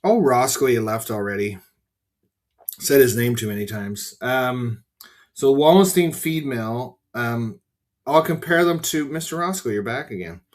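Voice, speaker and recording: A middle-aged Canadian farmer hosting a casual livestream podcast, rambling and frank, swearing casually and talking to viewers by name. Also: male voice, medium pitch, lively intonation, a little slow.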